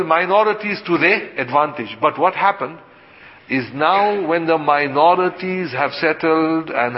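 A man with a high voice delivers a sermon as an imam, firing off rhetorical questions and answering them himself. The sound is muffled and lo-fi, with a long reverb trailing off the walls of the mosque hall.

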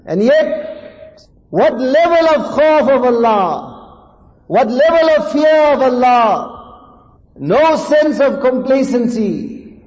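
A man's voice: very high voice, expressive, slow, pauses often, darkish tone, lo-fi sound. Male preacher, fervent sermon storyteller, long hall reverb on the voice. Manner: fervent, repeats lines for emphasis.

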